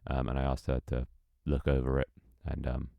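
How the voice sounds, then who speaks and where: Very deep-voiced British young man streaming. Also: completely flat delivery, normal speed, vocal fry, no echo, muffled recording. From Britain. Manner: chatty, reads chat aloud, swears, laughs often. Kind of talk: casual live-stream chat.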